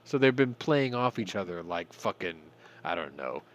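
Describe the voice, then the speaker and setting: Irreverent, lively low-voiced male host. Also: normal speed, highs cut off, slight background noise. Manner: irreverent, swears, ranting asides. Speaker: podcast host. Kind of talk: casual news commentary.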